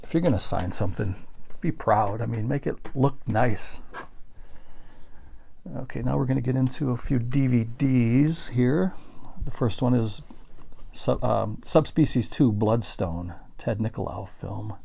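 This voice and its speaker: A man's voice: medium pitch, unhurried, gravelly, darkish tone, slightly rough. A man casually showing off his signed movie collection, rambling and correcting himself as he goes. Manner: rambling, self-correcting, chatty. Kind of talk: casual show-and-tell.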